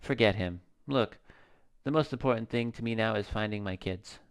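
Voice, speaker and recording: A worn-out mother at the end of her strength, read aloud by a man. The delivery is weary and flat, without much lift. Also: lowish voice, normal speed, clear, resonant tone, close to an everyday voice. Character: worn-out middle-aged mother, woman. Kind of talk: reading game dialogue aloud.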